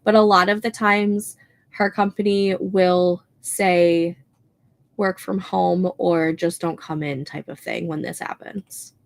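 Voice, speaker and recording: A woman's voice: on the low side, fairly even intonation, slow, gravelly. A young woman with a Minnesotan accent, hosting a writing livestream and chatting casually with lots of fillers. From American Midwest. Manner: chatty, many "like" and "um" fillers, laughs often. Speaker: livestream host reading chat. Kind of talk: casual chat.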